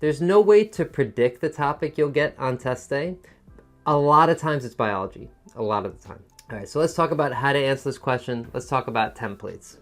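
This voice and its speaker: A man teaching an online test-prep lesson, with a musical voice that rises and falls, a soft tone, and a pace that speeds up and slows down for emphasis. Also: medium pitch, soft background music. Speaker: TOEFL teacher.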